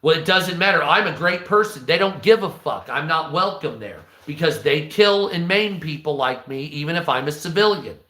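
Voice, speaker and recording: A man's voice: fairly high pitch, lively intonation, normal speed, few pauses, fairly bright tone. An American man hosting a live stream, ranting bluntly and profanely and answering his chat in casual commentary. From United States. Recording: echoey room.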